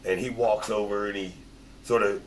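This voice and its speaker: A man's voice: on the low side, steady tone, normal speed, a little hiss or hum. A man narrating as game master at a tabletop game, loose and hesitant with frequent restarts.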